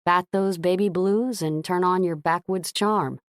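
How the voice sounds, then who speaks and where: A man's voice: high voice, steady tone, unhurried, dry recording, clean studio sound. A woman voicing a cocky male rock star who teases and gives orders. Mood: coaxing. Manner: teasing, commanding.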